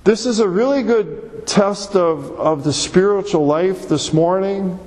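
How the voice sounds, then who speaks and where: A man's voice: high voice, unhurried, darkish tone. A male pastor preaching a conversational, emphatic sermon to his church, repeating words as he presses his points. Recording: long reverb of a large hall.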